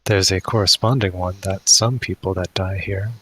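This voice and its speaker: A man's voice: low voice, fairly even intonation, moderate pace, fairly bright tone, slight background noise, rough recording. A man running a tabletop game as dungeon master, often laughing as he voices the townsfolk.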